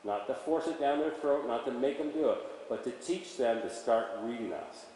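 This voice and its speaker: A male horse trainer giving an energetic, animated demonstration and coaxing his horse as he works. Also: mid-range voice, moderate pace, a little hiss or hum. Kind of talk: instructional demonstration. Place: riding arena at a stable. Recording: echoey hall from far off.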